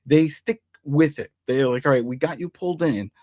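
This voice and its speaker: A man hosting a casual TV episode recap, excitedly retelling scenes and briefly acting out the characters' lines. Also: fairly high pitch, no room sound, studio quality. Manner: animated, acts out characters' lines in quick put-on voices. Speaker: TV recap host.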